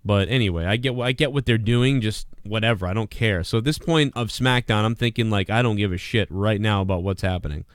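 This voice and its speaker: A man hosting a casual wrestling review show, blunt and profane, running through supporter shout-outs and complaining about matches. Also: fairly low pitch, brisk, hardly any pauses, clear, resonant tone, no room sound, studio quality. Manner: mimics wrestler promos in a louder voice. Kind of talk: casual solo review commentary.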